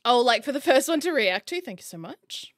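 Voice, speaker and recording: Her voice sits high and sing-song, and she talks fairly quickly. This streamer host chats casually on her live stream, addressing her viewers directly and laughing often in a giggly, talkative way. The sound is clean studio quality with no room sound.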